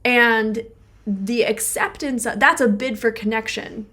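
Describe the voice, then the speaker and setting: A woman with a somewhat high voice co-hosts a relationship podcast. As a therapist, she talks casually, walking through everyday examples with plenty of filler words. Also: slow, sharp tone.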